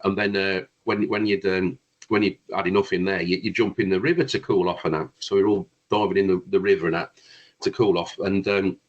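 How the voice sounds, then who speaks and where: A man's voice: deep voice, level tone, a little fast, lo-fi sound. A man, a guest brass player, telling long rambling anecdotes in a casual chat, with frequent restarts.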